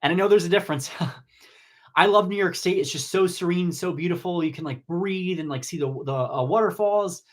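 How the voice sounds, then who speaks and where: A man from New Jersey hosting a casual live-stream Q&A on cosmetology, chatty and rambling, with sudden excited jumps in pitch. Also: moderate pace. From New Jersey, USA. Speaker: cosmetology educator and host. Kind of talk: casual live-stream Q&A reading viewer comments.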